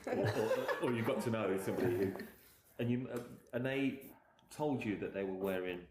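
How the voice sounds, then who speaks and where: A man's voice: lowish voice, a little fast. A man hosting a casual chat, plain-spoken and laughing often. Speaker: show host. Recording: echoey room with faint noise.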